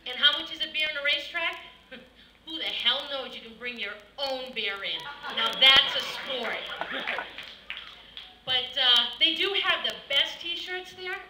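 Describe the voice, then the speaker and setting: A woman's voice: sits high, unhurried. A woman doing a stand-up comedy set, brash and working the crowd on stage in a comedy club. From Massachusetts. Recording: echoey room from far off, noisy. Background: club audience.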